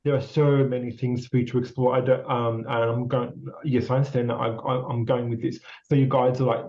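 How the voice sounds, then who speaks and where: Rambling Australian man, mellow dull sound. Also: medium pitch, little pitch movement, brisk, hardly any pauses. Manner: rambling, repetitive, encouraging, many fillers and restarts. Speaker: psychic medium. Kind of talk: casual spirit reading with a guest.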